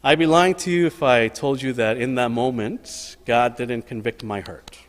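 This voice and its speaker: A man's voice: medium pitch, normal speed. A man preaching a sermon in a church, telling a personal story earnestly and repeating key phrases for emphasis. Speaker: pastor. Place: church sanctuary. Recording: long hall reverb.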